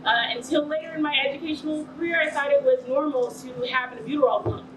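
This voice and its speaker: A woman's voice: sits high, level tone, quick pace. A young woman from the American South giving an earnest, formal acceptance speech. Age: young adult. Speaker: award recipient. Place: event hall. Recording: echoey hall from far off with noise.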